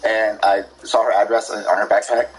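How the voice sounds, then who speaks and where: A man's voice: on the low side, little pitch movement, fairly quick, soft background music, low-quality recording. A young man and father chatting in a casual family vlog, joking and teasing. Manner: playful and joking, teases the baby in silly voices.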